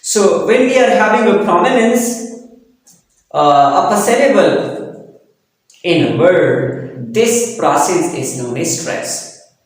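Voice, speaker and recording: Male lecturer, high pitch, slow and deliberate, heavy room echo with long reverb. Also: sing-song. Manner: slow, explanatory, with frequent fillers. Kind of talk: recorded lecture.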